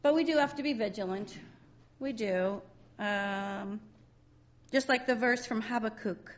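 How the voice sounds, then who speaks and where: A woman's voice: mid-range voice, measured pace, pauses often, dull audio. A woman giving a sermon in a chatty, conversational way, often breaking into laughter.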